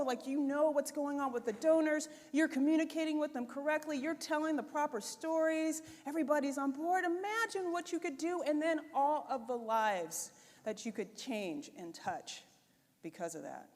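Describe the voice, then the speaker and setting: Woman, conference keynote, high-pitched, casual expressive delivery, long hall reverb. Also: normal speed. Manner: conversational and expressive, with frequent "right?" and "like". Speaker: conference speaker.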